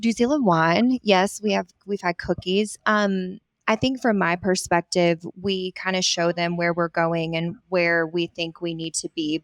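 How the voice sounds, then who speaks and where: Southern woman, low-ish voice, gushing excited panel chat, dry close mic. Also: no room sound. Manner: enthusiastic, gushing, fast run-on sentences. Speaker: loss prevention industry advocate on a company podcast.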